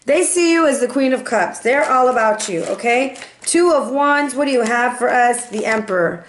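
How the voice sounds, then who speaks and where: A woman's voice: a little high, expressive, moderate pace, echoey room, slight background noise. A woman giving a casual tarot reading, chatty and playful as she talks through the cards. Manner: chatty and playful, sings and meows in bursts. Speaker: tarot reader.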